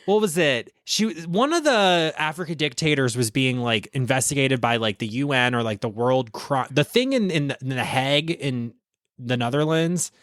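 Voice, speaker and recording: Lively, gossipy man, dry close sound. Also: mid-range voice, no echo. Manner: animated, gossipy, quick to laugh. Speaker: podcast host. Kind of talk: casual gossip chat.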